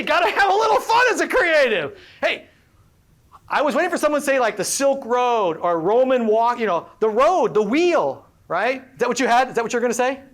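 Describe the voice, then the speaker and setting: High-pitched, energetic woman presenter. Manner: energetic, playful, quizzing the audience. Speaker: workshop presenter and professor. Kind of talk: interactive workshop talk to a live audience. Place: live event before an audience.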